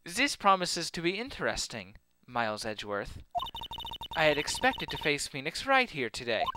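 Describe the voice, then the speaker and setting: A man's voice: on the high side, huge pitch swings, moderate pace, bright, forceful tone, heavily acted. A man doing a haughty accented woman prosecutor. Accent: vague put-on European accent. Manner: haughty, clipped. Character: young female prosecutor, cold and arrogant. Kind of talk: video game voice-over.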